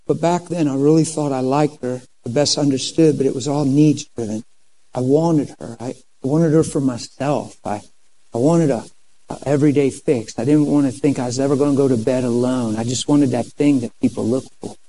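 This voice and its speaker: A man in his fifties telling his life story in a sermon, animated and acting out what people said. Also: mid-range voice, moderate pace, poor audio. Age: 50s. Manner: animated storytelling, acts out quoted dialogue. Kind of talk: sermon testimony.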